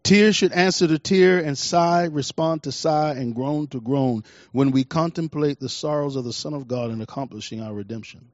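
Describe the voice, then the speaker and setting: A man's voice: fairly high pitch, moderate pace, few pauses, no room sound. Emphatic middle-aged male preacher, dull dry sound. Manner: emphatic, repeats key lines, swings from soft to loud. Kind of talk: sermon.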